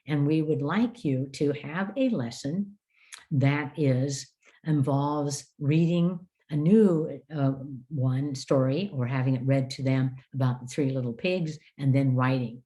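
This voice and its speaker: A woman's voice: rumbling low, a little slow. An older woman from the United States giving a workshop lecture to teachers, telling classroom stories with frequent fillers. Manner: lively storytelling with frequent "uh" fillers. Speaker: education presenter.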